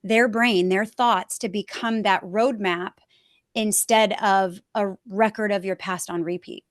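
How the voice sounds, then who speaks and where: A woman's voice: medium pitch, steady tone, measured pace, no echo, studio quality. A woman hosting an interview podcast, affirming her guest with enthusiasm and reflecting on her points. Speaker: podcast host. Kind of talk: interview hosting with scripted promos.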